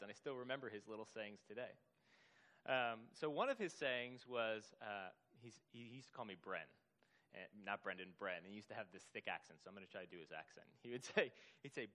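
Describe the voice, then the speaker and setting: A man's voice: mid-range voice, big pitch swings, a little fast, a bit bright. Earnest male preacher giving a sermon. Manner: earnest, repetitive emphasis, frequent fillers. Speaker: pastor.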